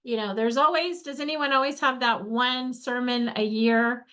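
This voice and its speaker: Woman, middle-aged, fairly high voice, casual workshop host, earnest, chatty, asks the audience questions, video-call mic. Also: fairly even intonation, normal speed, pushed and bright. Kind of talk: casual faith-based workshop talk.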